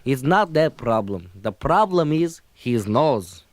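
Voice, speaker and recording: A man's voice: mid-range voice, sing-song, slow pace, no echo. A man playing a fretful immigrant father with a Yiddish-inflected accent in a comedy album sketch, rambling and pleading. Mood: exasperated. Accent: Yiddish-inflected English.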